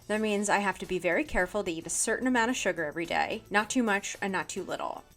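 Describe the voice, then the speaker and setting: A woman co-hosting a comedy podcast, reading a children's novel aloud with animated character voices in the dialogue. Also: mid-range voice, quick pace. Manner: reads narration and dialogue with animated quoted voices, often laughing.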